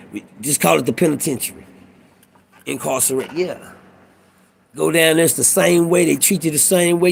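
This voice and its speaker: Gravelly husky man telling prison stories. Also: on the high side. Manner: storytelling, profane, preachy street talk. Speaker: vlogger. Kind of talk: casual monologue.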